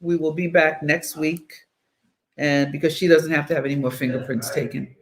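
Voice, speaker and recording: A woman's voice: low-pitched, steady tone, normal speed. An older woman co-hosting a casual live-stream chat, making wry, teasing remarks. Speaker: co-host.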